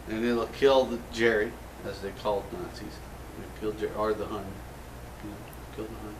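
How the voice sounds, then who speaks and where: A man's voice: fairly low pitch, steady tone, moderate pace, noisy background. An American man hosting a casual gun show, joking and rambling in a self-mocking way. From United States. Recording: roomy echo from a distant mic.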